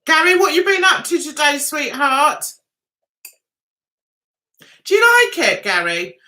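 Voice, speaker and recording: A woman's voice: sits high, sing-song, a little slow, sharp tone. A middle-aged woman hosting a casual livestream, chatty and self-mocking, laughing often as she greets viewers. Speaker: livestream host reading viewer chat.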